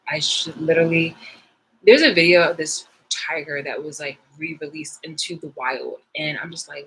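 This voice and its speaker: A woman's voice: low voice, normal speed, fairly bright tone, slight background noise, low-quality recording. A woman vlogger chatting casually to her viewers, rambling and frank, swearing freely.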